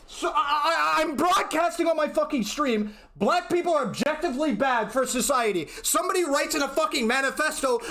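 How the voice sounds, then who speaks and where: A man's voice: extremely high pitch, pushed and bright. A man streaming live, ranting in an exasperated, profane way, often restarting his sentences. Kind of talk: heated livestream rant.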